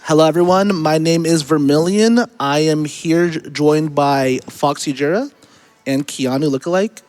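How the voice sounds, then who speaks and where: Upbeat higher-voiced man running a game. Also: moderate pace, a little mellow. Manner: upbeat, addresses viewers directly. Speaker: speedrunner. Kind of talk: live speedrun commentary. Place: charity marathon event stage.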